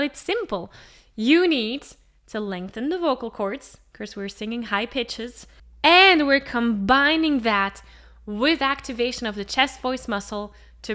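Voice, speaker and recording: Animated woman teaching singing. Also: a little high. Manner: animated, emphatic teaching with rhetorical questions. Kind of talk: explaining lesson to camera.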